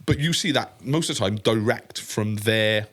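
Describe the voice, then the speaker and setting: A man's voice: lowish voice, normal speed, a bit bright. A man co-hosting a podcast, chatting casually, rambling and swearing a lot. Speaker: podcast co-host. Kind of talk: casual chat.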